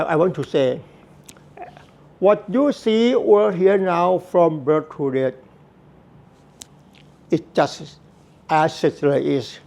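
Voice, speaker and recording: A man's voice: fairly high pitch, vocal fry, darkish tone. A man giving a Buddhist teaching talk, earnest and repetitive, with non-native phrasing. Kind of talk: slow spoken Dharma talk.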